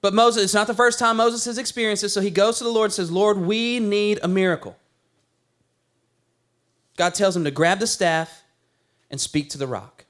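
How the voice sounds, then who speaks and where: A man's voice: high voice, a little fast, a bit bright. A man in his thirties, a pastor, preaching a conversational sermon with playful storytelling.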